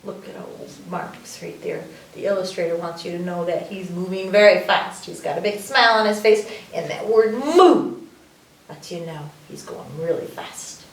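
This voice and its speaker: A woman hosting a library story time, reading a picture book aloud to children in an animated way and asking them questions. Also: lowish voice, normal speed, vocal fry, few pauses. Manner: animated, questioning the young listeners. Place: library room. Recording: echoey room, distant mic, faint noise.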